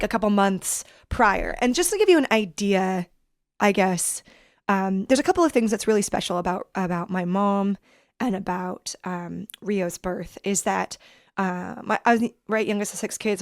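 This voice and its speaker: A woman in her thirties, a podcast guest telling a personal story in an earnest, reflective, halting way. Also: medium pitch, dry recording, clean studio sound. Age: 30s.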